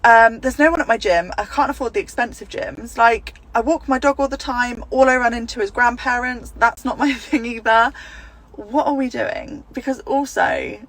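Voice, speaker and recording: A woman in her thirties vents to camera in a blunt, exasperated vlog. She swears freely. Her voice sits a little high. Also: moderate pace, a bit bright, poor audio. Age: 30s.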